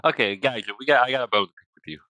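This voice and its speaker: A young man streaming a game, chatting casually and talking to his chat in an exasperated, lively way. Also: mid-range voice, racing, no room sound. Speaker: gaming streamer.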